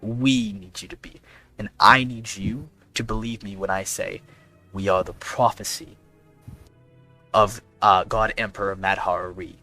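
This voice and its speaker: A man playing an earnest young adventurer, talking a guard round in a calm, confiding, in-character role-play. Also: on the low side, soft background music. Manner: earnest, confiding, measured persuasion.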